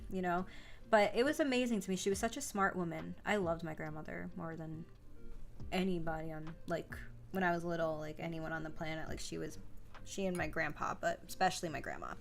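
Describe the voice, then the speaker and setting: A woman's voice: on the low side, brisk, gravelly. Chatty rambling woman streamer. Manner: chatty, rambling, lots of fillers and self-corrections. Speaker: livestream host. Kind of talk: casual livestream chat.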